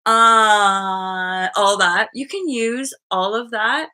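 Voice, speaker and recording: A woman's voice: mid-range voice, extremely slow, bright, forceful tone, smooth. A woman in her thirties hosting a casual live-stream chat, bubbly and laughing often, swearing freely and acting out voices as she tells stories. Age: 30s. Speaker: host.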